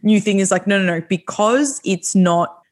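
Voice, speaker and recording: A woman's voice: medium pitch, moderate pace. A woman hosting a podcast, talking in a blunt, emphatic way, swearing freely and saying "like" often. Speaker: podcast host. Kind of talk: casual chat.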